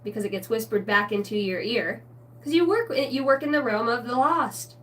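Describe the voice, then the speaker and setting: A woman giving a rambling spiritual tarot reading, excitable and swearing constantly in a stream-of-consciousness flow. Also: fairly high pitch, normal speed, far from the mic. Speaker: tarot reader.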